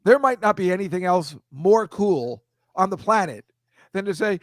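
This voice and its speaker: Middle-aged guy comic rambling on a video call, kinda high voice, dry sound. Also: expressive, moderate pace, dry recording. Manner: rambling, self-deprecating, slips into silly voices. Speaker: comedian host. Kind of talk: casual comedic chat on a video call.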